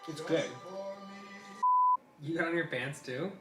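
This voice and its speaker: A man's voice: on the high side, steady tone, slow pace, roomy sound, over loud music. A man, the vlogger's boyfriend, joking and teasing her in casual dinner chat. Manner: teasing, jokey.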